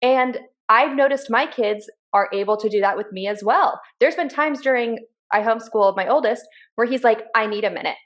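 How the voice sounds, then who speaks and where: A woman in her thirties co-hosting a podcast, telling personal stories in an earnest, animated way. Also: fairly high pitch, fairly quick, hardly any pauses. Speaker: podcast co-host. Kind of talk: casual chat.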